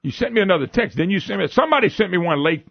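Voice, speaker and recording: Animated gravelly radio talk host man. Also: high-pitched, very fast, dry recording. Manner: animated storytelling, laughing, retelling his own quotes. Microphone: studio microphone. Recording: muffled radio broadcast audio.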